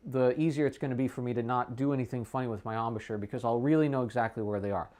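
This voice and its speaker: A man's voice: medium pitch, quick pace, few pauses, a little mellow. A man, a music teacher, explaining how to practice a piece and singing the phrases on syllables between his explanations. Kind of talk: demonstrating practice method. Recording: dull lo-fi stream audio.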